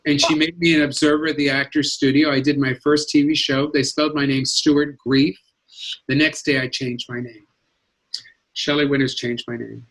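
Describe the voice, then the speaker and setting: A middle-aged man from Los Angeles, a comedian telling stories in a lively, animated way on a video call. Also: mid-range voice, normal speed. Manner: animated, jumps into character voices and accents. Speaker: guest comedian. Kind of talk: casual storytelling chat.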